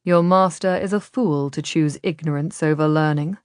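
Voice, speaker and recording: A woman voicing a smooth, persuasive Ottoman nobleman who speaks quietly and gently in an audiobook. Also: deep voice, steady tone, normal speed, dry recording, studio quality, close to an everyday voice. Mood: coaxing, ominous.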